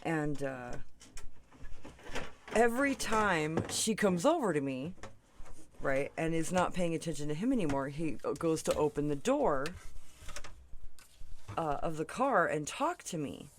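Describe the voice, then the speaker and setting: A crafting channel host with a medium-pitched, animated voice talks a little slowly and pauses often, with slight background noise. Chatting through a tutorial, she rambles into stories and tangents, often saying "right?" and "you know" and laughing between sentences.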